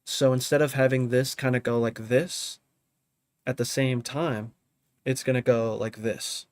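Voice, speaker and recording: A man's voice: mid-range voice, fairly even intonation, measured pace, a little mellow, no echo. A man casually teaching drum programming in his home studio, thinking aloud and often checking in with "you know what I mean?". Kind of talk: casual live tutorial.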